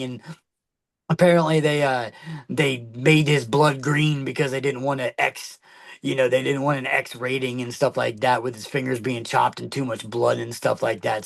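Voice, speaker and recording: A man's voice: medium pitch, vocal fry. A man co-hosting a podcast, talking in casual chat that rambles with many fillers and restarts. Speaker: podcast co-host.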